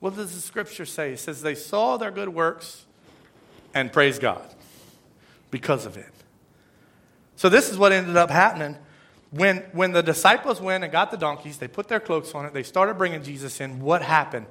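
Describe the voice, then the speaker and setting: A man preaching a sermon in a casual, conversational way, swinging between loud asides and hushed emphasis. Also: on the high side, expressive, normal speed. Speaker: pastor.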